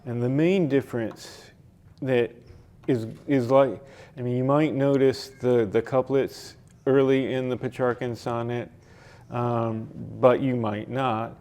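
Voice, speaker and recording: Guy running a poetry workshop, talks real slow, smooth clear voice, lots of ums. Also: medium pitch, steady tone, darkish tone. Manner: slow, halting explanation with many fillers and restarts. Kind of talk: library workshop lesson. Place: library meeting room.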